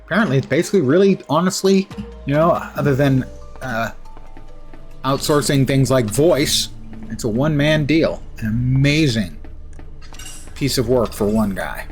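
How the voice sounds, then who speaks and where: A man's voice: mid-range voice, expressive, measured pace, long pauses, faint music behind. A man giving casual, wry commentary while streaming a video game, with self-mocking asides.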